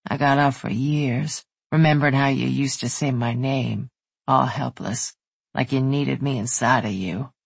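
An audiobook narrator voicing a rugged, lustful young man who speaks in low murmurs and breathless, urgent bursts. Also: steady tone, measured pace, creaky, breathy edge, dry recording. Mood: murmuring.

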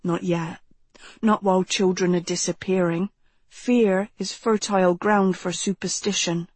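A grave, soft-spoken young man, as a woman narrator puts him on talks low and measured in an audiobook. The voice stays slow and a little husky, close and dry. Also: fairly even intonation, dry recording. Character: serious, kind eighteen-year-old young man. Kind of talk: audiobook character voice.

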